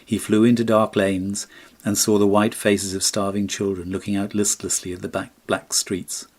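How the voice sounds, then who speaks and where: A man narrating a classic storybook in a measured, expressive reading. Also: on the low side. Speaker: audiobook narrator.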